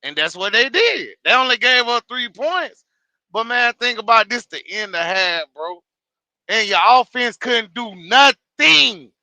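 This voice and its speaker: A man co-hosting a casual sports reaction chat, telling the game's story in animated, slangy talk. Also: very high voice, unhurried, dry recording.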